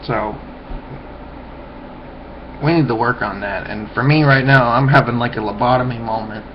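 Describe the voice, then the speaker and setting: A man's voice: mid-range voice, moderate pace. A man rambling through a loose, profane webcam monologue, often trailing off and mumbling. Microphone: webcam mic. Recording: dull lo-fi webcam audio, faint hiss.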